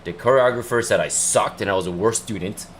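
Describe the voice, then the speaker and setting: A man's voice: on the low side, fairly quick, a little hiss or hum. A young man casually telling a rambling story to his livestream viewers, repeating himself as he goes. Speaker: livestream host.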